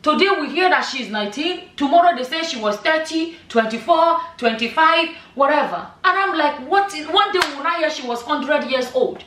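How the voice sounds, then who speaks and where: A middle-aged woman talks straight to her viewers in an emphatic, conversational way, leaning on rhetorical questions. Her voice sits a little high for a woman. It sounds roomy and echoey, picked up from a little way off the mic. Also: animated, normal speed, few pauses, fairly bright tone, slight background noise. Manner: emphatic, rhetorical questions, many "you know" asides. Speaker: vlogger. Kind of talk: casual commentary vlog. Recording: echoey room, voice a bit far from the mic.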